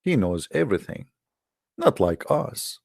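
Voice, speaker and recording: A man's voice: lowish voice, big pitch swings, unhurried, vocal fry, a little mellow, no echo, clean studio sound. A man delivering an argumentative monologue in non-native English, full of sarcasm and rhetorical questions aimed at his listeners. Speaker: presenter of religious debate videos.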